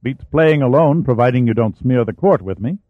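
A man's voice: medium pitch, animated, moderate pace, no echo, close to an everyday voice. A man voicing a friendly, chatty American historian. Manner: genial, chatty. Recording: dry, tinny phone-like sound.

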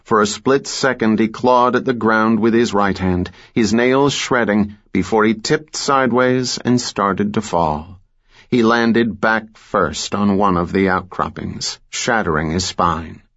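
A man narrating a thriller audiobook in a measured, steady way. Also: on the low side, dull audio.

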